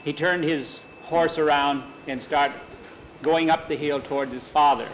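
An older man telling a frontier story in an unhurried, folksy way and acting out the dialogue. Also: a little high, fairly even intonation, a little hiss or hum, rough recording. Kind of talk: spoken storytelling.

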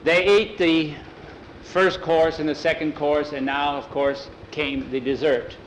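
A man telling a homespun family story aloud in an easygoing, unhurried way, voicing the characters as he goes. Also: a little high, fairly even intonation, reverberant, slight background noise, poor audio. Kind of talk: oral storytelling.

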